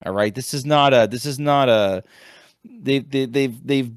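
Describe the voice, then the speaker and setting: A man in his thirties from the United States, a teacher co-hosting a podcast, telling a casual story in a rambling, animated way with many restarts. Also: mid-range voice, measured pace, smooth, no room sound, studio quality. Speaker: podcast co-host, high school teacher. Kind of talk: casual chat.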